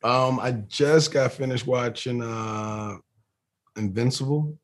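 A man's voice: mid-range voice, slow pace. A man being interviewed as an actor, chatting casually and rambling with many restarts and fillers.

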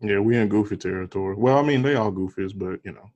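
A male podcast co-host chimes in during a casual show recap. He is laid-back, laughs easily and swears freely. His voice sits a little low. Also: quick pace, a little mellow, highs cut off.

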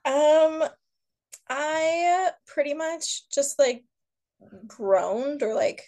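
A woman's voice: high voice, expressive, very slow, a little mellow. A young woman telling her birth story in casual chat, laughing often and filling her talk with "like". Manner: chatty, laughs often, many "like" fillers.

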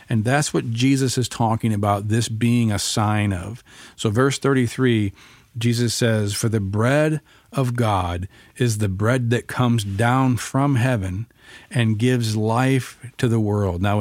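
A man's voice: mid-range voice, darkish tone, no room sound. Earnest male pastor preaching in a dry room. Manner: earnest, emphatic teaching with repetition. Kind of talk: sermon.

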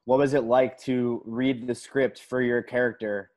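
A man's voice: mid-range voice, level tone, a little slow, darkish tone. A man hosting a casual interview, speaking hesitantly with repeated words. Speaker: interview host.

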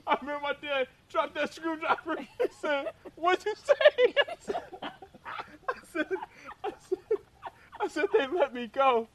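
High-voiced young man telling a story. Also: a little slow. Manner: animated, laughs through the telling. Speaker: storyteller guest. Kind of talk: casual storytelling.

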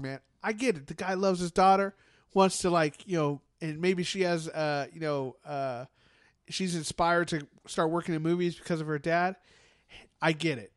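A man talking in a loose, opinionated chat, circling back over his points with lots of fillers and restarts. His voice sits fairly high for a man and sounds smooth and resonant. The recording is dry and close. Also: no room sound. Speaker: podcast co-host. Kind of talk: casual chat.

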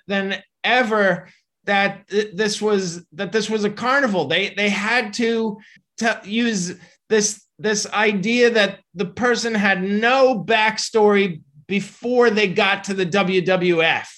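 Brief: high, bright-voiced male comedian, quick, stop-start chat. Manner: fast, halting, with many restarts. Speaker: comedian guest. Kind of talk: casual podcast chat.

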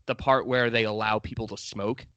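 A man's voice: lowish voice, steady tone, normal speed, a bit bright, smooth, no echo, lo-fi sound. A man from Long Island co-hosting a podcast, chatting eagerly and rambling with many restarts. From Long Island, New York. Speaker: podcast co-host. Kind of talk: casual podcast chat.

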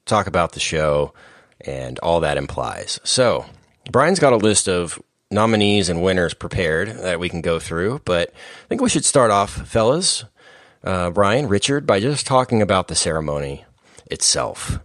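A man hosting a casual comedic movie podcast, talking briskly with wry jokes. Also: low voice, sing-song, fairly bright tone, dry recording, studio quality. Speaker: podcast host.

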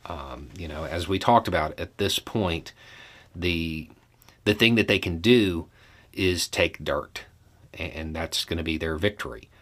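Podcast host, male, low voice, slow, unhurried thinking-aloud delivery. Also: a bit bright. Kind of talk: casual solo commentary.

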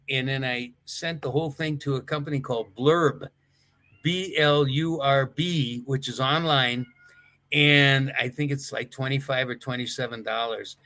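A man's voice: medium pitch, sharp tone. An older man, a retired wrestler, telling rambling stories in a casual interview. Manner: rambling, with restarts and chuckles. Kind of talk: casual anecdotal storytelling.

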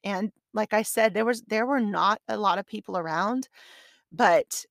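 Her voice medium-pitched and gravelly, a woman unhurriedly recounts a long personal story on her solo podcast, in a chatty, rambling recap full of restarts. Emotion wells up and she turns tearful along the way. The audio is clean studio quality without echo.

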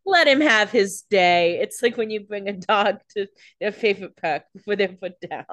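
A woman's voice: medium pitch, moderate pace, fairly bright tone, no room sound. A woman co-hosting a podcast, making sarcastic jokes and teasing asides about a TV episode. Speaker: podcast co-host. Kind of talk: casual chat, wisecracks.

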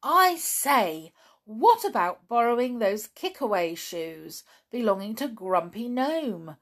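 A woman's voice: on the high side, big pitch swings, takes it slowly, voice pushed up, heavily acted. A woman voicing a cheerful young male brownie who talks eagerly and persuasively.

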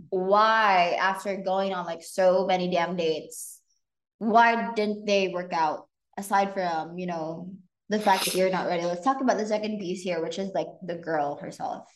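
A woman's voice: medium pitch, unhurried, reverberant. A woman hosting a podcast, chatting frankly about relationships and using lots of fillers. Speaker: podcast host. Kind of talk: casual relationship chat.

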